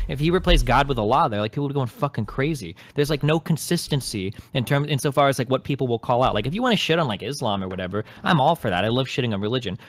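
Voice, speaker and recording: A man hosting a stream, arguing his point quickly in a casual debate and swearing often. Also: medium pitch, no echo. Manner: rapid, profane, argumentative. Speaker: streamer host.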